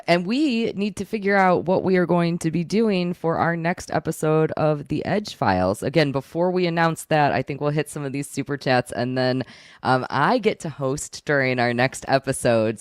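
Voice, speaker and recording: A woman's voice: extremely low pitch, fairly quick, no room sound, clean studio sound. A woman co-hosting a casual livestream podcast, chatty and self-deprecating. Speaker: podcast co-host.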